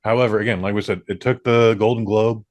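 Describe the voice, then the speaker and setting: A man's voice: on the low side, fairly even intonation, fast, no echo. A man in casual podcast chat, talking bluntly and swearing for emphasis. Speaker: podcast co-host.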